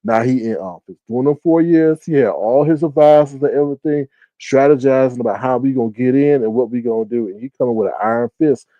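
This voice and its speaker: A man hosting a casual live stream, talking to his chat with drawn-out "ooh, child" asides and sudden shrieking exclamations. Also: no room sound, dull audio. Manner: animated, with shrieking high exclamations and laughter.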